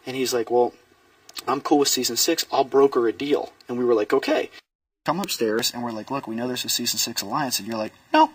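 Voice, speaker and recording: Guy talking game real fast, rambling, quoting everybody, far off dry mic. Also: mid-range voice, animated, breathy edge, no echo. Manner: rambling, fast, quotes others in reported speech. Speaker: reality show houseguest. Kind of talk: private strategy talk. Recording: distant, dry room mic.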